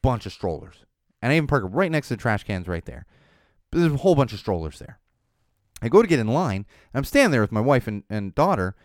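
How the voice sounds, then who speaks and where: A man in his thirties hosting a casual solo podcast, telling stories and ranting with animated ups and downs and muttered asides. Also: mid-range voice, fast talker, no echo, clean studio sound. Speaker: podcast host.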